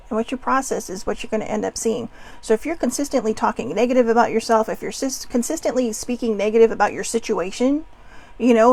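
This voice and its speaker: A middle-aged woman hosts a casual self-care talk with a slightly high voice and a gravelly edge. She sounds chatty and encouraging and pokes fun at herself now and then. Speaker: self-care show host.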